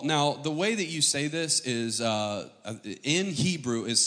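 An American man preaches from a church stage, reading scripture dramatically and cracking jokes between the verses. His voice sits a little high, and a long reverb from the hall trails after each phrase. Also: animated, slow, few pauses, fairly bright tone. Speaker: pastor. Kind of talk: sermon.

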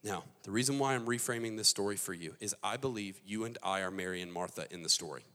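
A male pastor preaches with animated, emphatic storytelling. His voice is bright and forceful. It rings with a long reverb in a large hall. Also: on the low side, quick pace. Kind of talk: sermon.

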